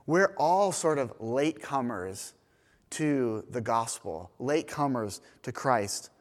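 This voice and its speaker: A man preaching a sermon in a church, retelling a parable in a lively storytelling manner. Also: mid-range voice, slow. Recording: long reverb of a church hall.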